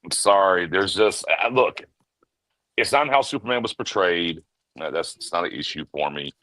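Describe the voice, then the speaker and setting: Low-voiced man in a dry, close recording. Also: no room sound, low-quality recording. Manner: animated storyteller, mimics characters in quick bursts. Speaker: podcast co-host reviewing a film. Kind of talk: casual chat.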